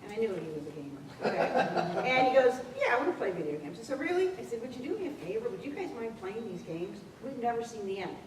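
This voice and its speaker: A woman's voice: on the high side, quick pace. Woman telling school stories in an echoey room. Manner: animated storytelling, acts out dialogue. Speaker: school administrator presenting a program. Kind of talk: workshop presentation with anecdotes. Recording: echoey room, distant mic, faint noise.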